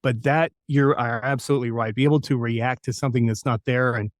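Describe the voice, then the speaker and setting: An older man from New Mexico tells his career stories in an anecdotal, self-deprecating way. His voice sits at an ordinary middle pitch. It is recorded close and dry, with no room sound. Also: fairly even intonation, fairly quick, no room sound. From New Mexico, United States. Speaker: voice actor guest. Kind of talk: storytelling interview.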